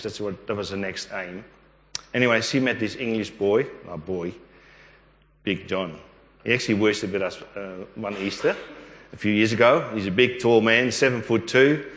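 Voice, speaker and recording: A man's voice: fairly low pitch, a bit bright. An older man giving a rambling testimony in a church hall, acting out the dialogue he recalls. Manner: rambling, acts out quoted dialogue. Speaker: church member sharing testimony. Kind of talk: storytelling testimony. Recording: echoey hall.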